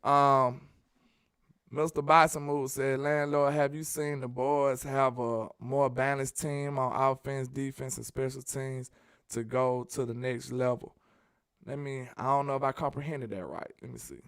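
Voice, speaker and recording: A man from Alabama, hosting a casual sports live stream, reading viewer messages and joking in a sing-song, animated way. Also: mid-range voice, measured pace, clean tone, dry recording, clean studio sound.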